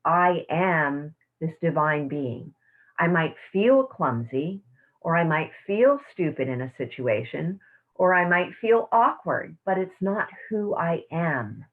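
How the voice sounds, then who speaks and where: A woman teaching a self-care class, speaking in a soft, slow, affirming way over a video call. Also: sits low, lively intonation. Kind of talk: guided meditation and teaching. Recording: tinny phone-like audio.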